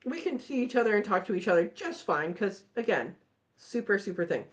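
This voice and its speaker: A woman hosting a live chat, telling a story in a casual, animated way and acting out the voices. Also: medium pitch, brisk. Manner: animated, acts out voices in her stories. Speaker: channel host.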